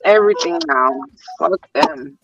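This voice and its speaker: A woman's voice: fairly low pitch, lively intonation, unhurried, gravelly, soft background music. Blunt woman in a lo-fi recording. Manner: blunt, short remarks. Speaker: delivery driver. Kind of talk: casual chat.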